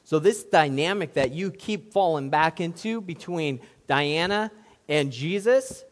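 A man preaching a sermon to a congregation, swinging from quiet, reflective passages to loud, emphatic ones. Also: fairly high pitch, a little slow. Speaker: pastor. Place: church hall with audience. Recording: long reverb of a large hall.

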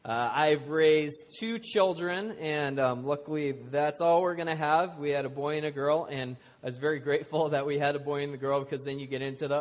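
Talking fairly quickly and hardly pausing, a pastor in his thirties with a slightly high voice gives a casual sermon in a church hall. He weaves in stories and self-deprecating jokes, and the room lends a long reverb.

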